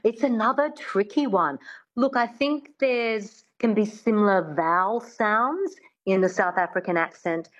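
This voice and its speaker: A woman's voice: mid-range voice, measured pace, rough recording. A woman speaking as an accent coach in a radio interview, explaining her craft earnestly and circling back to rephrase.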